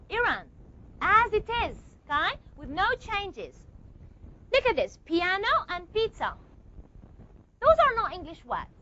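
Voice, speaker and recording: A woman teaching a classroom lesson, explaining step by step and often checking understanding with quick questions. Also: very high-pitched, bright, forceful tone, highs cut off. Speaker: language teacher. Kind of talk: classroom lecture.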